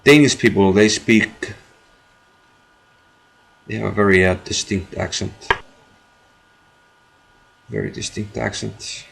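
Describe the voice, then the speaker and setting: A man streaming his own chess game, commenting live as he thinks aloud, repeating phrases and filling pauses. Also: on the low side, fairly even intonation, vocal fry, breathy edge.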